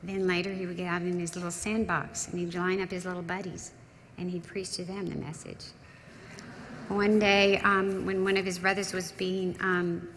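An older woman speaks at a memorial service, telling stories of her late husband with emotional restarts and trailing phrases. Her voice carries a gravelly edge at a middle pitch. The sound rings with the long reverb of a large church sanctuary over a faint background hum. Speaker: widow giving a memorial tribute. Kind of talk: memorial tribute speech.

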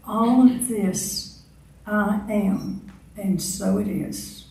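A woman minister giving a sermon, slowly leading her congregation in repeated chanted affirmations. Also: medium pitch, darkish tone. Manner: slow, deliberate, leads the congregation in repeated chants. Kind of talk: sermon with call-and-response affirmations. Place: large church hall. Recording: very echoey hall, voice from a distance.

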